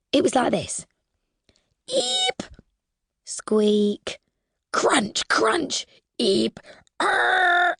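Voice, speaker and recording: A woman narrating a first-person adventure audiobook in a lively, expressive way, now and then dropping to a whisper. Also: lowish voice, slightly rough, no room sound, studio quality.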